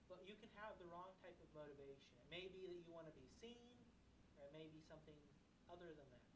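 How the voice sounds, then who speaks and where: A man's voice: on the high side, expressive, fast talker, reverberant, noisy background. A young man preaching a conversational sermon, mixing self-deprecating asides with emphatic questions to the congregation. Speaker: church member preaching.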